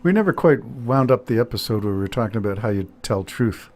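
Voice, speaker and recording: A man's voice: mid-range voice, animated, fast, darkish tone. A retired man co-hosting a casual talk show, joking and easygoing. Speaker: podcast co-host. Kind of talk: casual chat.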